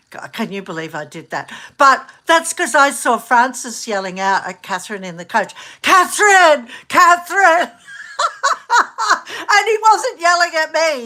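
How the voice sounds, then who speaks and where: A middle-aged woman from Australia chatting casually in a rambling, animated way, laughing often and restarting her sentences. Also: mid-range voice. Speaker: vlogger. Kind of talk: casual chat.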